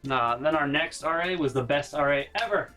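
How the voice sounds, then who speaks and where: A young man vlogging college dorm stories in an animated way, acting out voices and sound effects and swearing casually. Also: a little high, fairly quick, faint music behind. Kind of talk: casual storytelling vlog.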